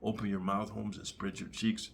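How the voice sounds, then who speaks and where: A man voicing a hushed, coaxing male prison gang member in a low, murmured half-whisper. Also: flat delivery, moderate pace, gravelly, slight background noise.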